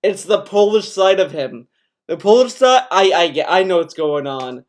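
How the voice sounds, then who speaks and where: High-voiced sarcastic male streamer. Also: expressive, normal speed. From Greece. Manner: sarcastic, profane, laughs often. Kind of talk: mocking reaction commentary.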